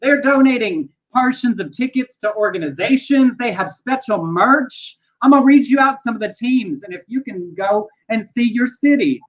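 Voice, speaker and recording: Co-host, wry chatty asides, mid pitch, dull lo-fi recording. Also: expressive, normal speed, hardly any pauses. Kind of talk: casual news chat.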